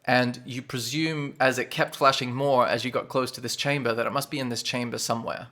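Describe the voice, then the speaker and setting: A man running a tabletop game, recapping scenes in a bright, forceful voice. He talks in a loose, relaxed way, leaning on fillers. His pitch sits in an ordinary middle range. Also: fairly quick. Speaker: game master.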